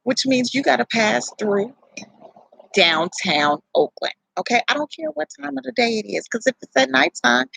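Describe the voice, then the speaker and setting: A young woman from casually telling her birth story, animated and profane, rambling with self-corrections. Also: fairly high pitch, normal speed, gravelly, soft background music, low-quality recording.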